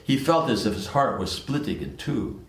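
A man's voice: medium pitch, big pitch swings, normal speed. A man teaching, reading scripture aloud with commentary and rambling asides full of restarts. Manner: rambling, many restarts and "you know"s. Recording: roomy echo.

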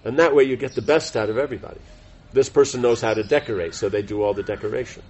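A spiritual teacher gives a devotional class, talking fast in a mid-range voice. His delivery is informal and rambling, full of fillers and self-corrections.

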